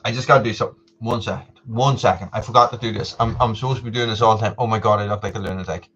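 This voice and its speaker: A man's voice: on the low side, steady tone, racing, fairly bright tone, dull audio, slight background noise. A man hosting a casual live stream, rambling and chatty as he greets viewers by name.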